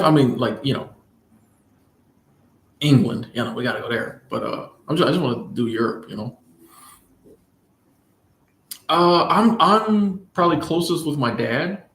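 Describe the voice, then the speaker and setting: A man's voice: mid-range voice, slight background noise. Playful man chatting in an echoey room. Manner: relaxed, playful, repeats phrases, laughs often. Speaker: livestream host answering chat. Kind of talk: casual live chat.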